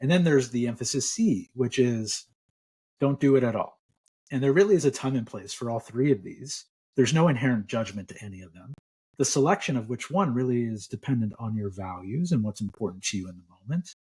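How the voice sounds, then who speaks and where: A man's voice: medium pitch, animated, fairly quick, a little mellow, slightly rough. A middle-aged man, a clinical psychologist, explaining ideas relaxedly in a podcast interview.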